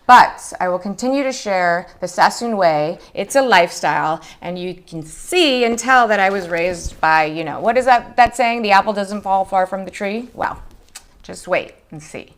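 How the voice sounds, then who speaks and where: A woman in her forties hosting a live skincare chat, talking in an emotional, chatty way, her voice jumping high when she greets viewers. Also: expressive, normal speed, a bit bright, clean tone. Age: 40s. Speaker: beauty show host.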